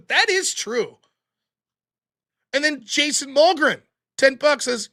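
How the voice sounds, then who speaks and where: A man's voice: very high-pitched, slow pace, long pauses. A man hosting a live stream, ranting bluntly with frequent swearing and reading out viewer donations. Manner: blunt, profane, animated ranting. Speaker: livestream host. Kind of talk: casual livestream chat.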